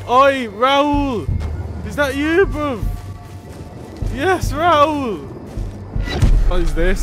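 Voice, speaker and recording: A young man commentating his gameplay, swearing and yelling in slang when scared. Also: sits high. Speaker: gaming streamer.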